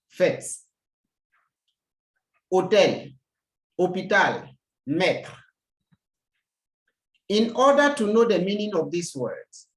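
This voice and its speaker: A French teacher giving a recorded language lesson, slow and deliberate, repeating each example word. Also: medium pitch, echoey room.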